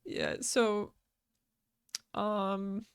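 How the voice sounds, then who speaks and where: Female podcast host, casual recap, laughs and swears a lot, smooth and dry. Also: medium pitch, huge pitch swings, extremely slow, no room sound. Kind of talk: casual chat recapping a story.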